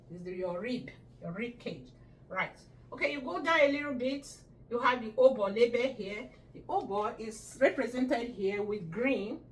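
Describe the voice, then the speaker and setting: A woman teaching body-part words in a slow, patient lesson, repeating each word and checking with listeners. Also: on the high side, fairly bright tone. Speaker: language teacher. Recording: echoey room, mic at a distance.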